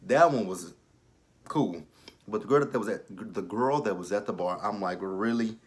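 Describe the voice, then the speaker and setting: A man's voice: lowish voice, moderate pace. A young man casually recapping a TV episode, blunt and profane, with exasperated asides and frequent restarts. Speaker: show recapper.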